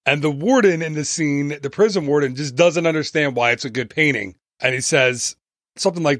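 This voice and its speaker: A man with a slightly raised pitch hosts a travel podcast in a chatty, playful way, tossing in jokey asides and little tangents. His voice sits close to the mic, and the sound is dry with no room echo. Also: a little fast, fairly bright tone. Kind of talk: casual podcast narration.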